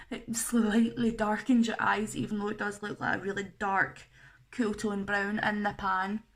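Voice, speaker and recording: A woman's voice: mid-range voice, level tone, a little slow. A young woman talking through a makeup tutorial in a chatty, self-deprecating way. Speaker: makeup artist.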